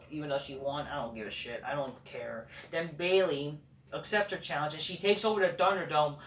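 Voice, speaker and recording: A man's voice: a little high, a bit bright, slight background noise. Profane, sarcastic ranting man. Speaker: host. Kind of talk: casual ranting show review. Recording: roomy echo, far from the mic.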